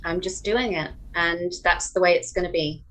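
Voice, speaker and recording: A woman's voice: lowish voice, steady tone, normal speed, a bit bright, slight background noise, low-quality recording. A woman talking as a podcast guest in casual chat, hesitant and earnest, restarting her sentences often.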